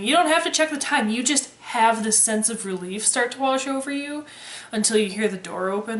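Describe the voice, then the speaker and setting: A woman's voice: medium pitch, a bit bright. Sarcastic young woman vlogger, roomy echo. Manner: sarcastic, swears freely, dry humor. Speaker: vlogger, former waitress. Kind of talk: casual chat to camera.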